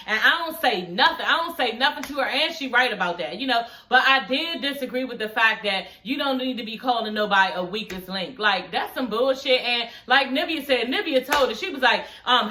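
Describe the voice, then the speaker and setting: A woman's voice: a little high, a little fast, few pauses, pushed and bright, slight background noise. A woman recapping a reality show for her viewers in a sassy, profane, chatty way. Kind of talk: casual recap chat.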